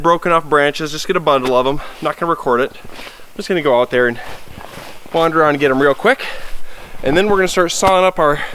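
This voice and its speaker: A man's voice: a little high, a bit bright, slight background noise. A man vlogging outdoors in the snowy winter woods, chatting easily to the camera and to his dog as he sets up camp, recorded on a camera mic. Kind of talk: casual narration to camera.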